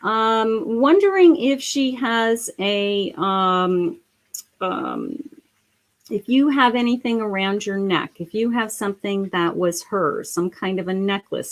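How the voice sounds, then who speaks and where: A middle-aged woman giving a live psychic reading, speaking gently and emotionally with many pauses and fillers. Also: mid-range voice. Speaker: psychic medium.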